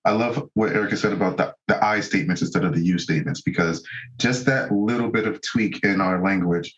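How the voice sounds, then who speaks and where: A man's voice: deep voice, a little fast, muffled recording. A man speaking as a guest therapist in a casual conversation, reflective and explaining ideas step by step.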